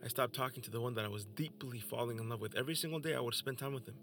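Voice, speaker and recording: A man's voice: mid-range voice, very fast, music in the background. A young man hosting a podcast, telling his personal faith testimony in an emotional, earnest way. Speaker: podcast host.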